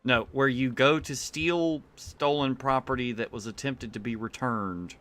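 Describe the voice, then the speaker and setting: A man's voice: medium pitch, unhurried, fairly bright tone. A man streaming a video game and chatting casually, rambling with fillers and laughs. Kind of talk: casual chat while playing.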